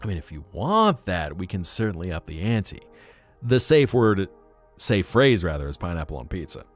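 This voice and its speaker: A man's voice: deep voice, big pitch swings, normal speed. A man streaming live, chatting casually and playfully teasing his viewers as he reacts to chat. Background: faint guitar music.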